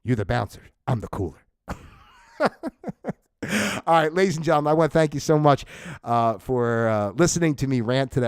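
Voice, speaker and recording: A man from New Jersey hosts a livestream, talking in a loose, profane rant and laughing at his own jokes. His voice sits fairly high. The sound is dry and close, with no room echo. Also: clean tone. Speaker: livestream host. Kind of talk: casual ranting monologue.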